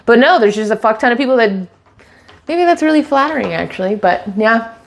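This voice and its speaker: A woman's voice: fairly high pitch, animated, fairly quick, vocal fry. A young woman from Washington state, a streamer chatting casually and reading viewer messages aloud while getting ready at home. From Washington state, USA. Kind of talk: casual live-stream chat.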